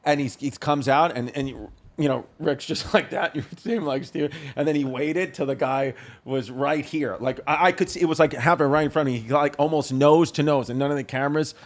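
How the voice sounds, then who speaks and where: A man in his thirties hosting a podcast in casual chat, telling stories with loud bursts of shouting. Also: fairly high pitch, a little fast. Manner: animated storyteller, shouts while acting out stories. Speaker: podcast host.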